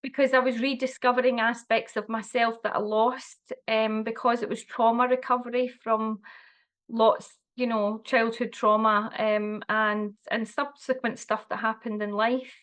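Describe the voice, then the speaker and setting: Earnest woman in her forties, fairly high voice, lots of ums and restarts, casual chat. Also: flat delivery, unhurried. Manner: warm, earnest, with many fillers and restarts. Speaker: wellbeing guest. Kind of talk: casual conversation.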